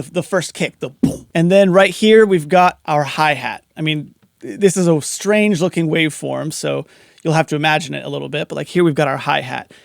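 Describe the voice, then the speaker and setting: An audio mixing instructor walks through compression in a casual screen-recorded tutorial, explaining each setting step by step. His voice sits on the high side with vocal fry, and the recording is dry and studio quality.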